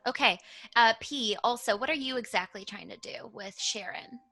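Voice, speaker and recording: A woman narrating as dungeon master of a tabletop game, chatty and quick to laugh. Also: fairly high pitch.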